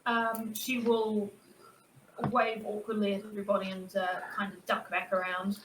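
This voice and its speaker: A woman's voice: mid-range voice, level tone, normal speed, background noise. A woman playing in a tabletop game, sweet and chatty in character. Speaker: player.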